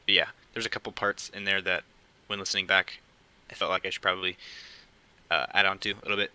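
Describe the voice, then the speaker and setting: A young man hosting his own casual podcast, talking quietly and hesitantly at home late at night, with many fillers. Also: sits low, little pitch movement, fast, clean tone, poor audio. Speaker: podcast host. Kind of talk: casual solo podcast talk.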